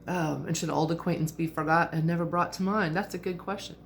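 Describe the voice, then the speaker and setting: A woman's voice: low voice, steady tone, a little fast, vocal fry, a little hiss or hum. A woman in her fifties giving a chatty, reflective vlog monologue, with fillers and small laughs. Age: 50s. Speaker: vlogger.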